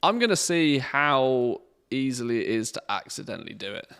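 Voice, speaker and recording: A man streaming a game, chatting casually and thinking aloud in a relaxed, rambling way. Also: mid-range voice, normal speed, clean tone. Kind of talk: casual live-stream commentary.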